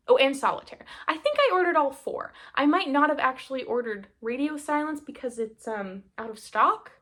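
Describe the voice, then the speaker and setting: A woman's voice: fairly high pitch, fairly bright tone. A young woman from the United States chatting casually to camera about a book haul, rambling and interrupting herself, teary and half-crying at times. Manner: rambling, self-interrupting, laughing through tears. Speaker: book vlogger.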